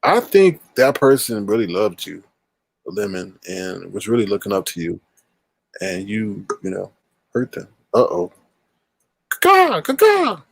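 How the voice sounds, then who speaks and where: A man's voice: on the low side, animated, unhurried, vocal fry, dry recording. A man hosting a casual live chat, playful and teasing. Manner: playful, teasing, makes bird calls. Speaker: host.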